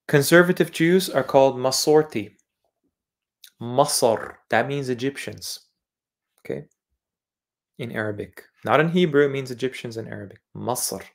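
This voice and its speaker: A man's voice: medium pitch, moderate pace, creaky, pauses often. A man from Eastern Europe holds forth on his livestream in a mid-range voice. He repeats key words several times over as he explains them, pressing each point insistently. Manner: insistent lecturing tone. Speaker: channel host. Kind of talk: livestreamed religious monologue.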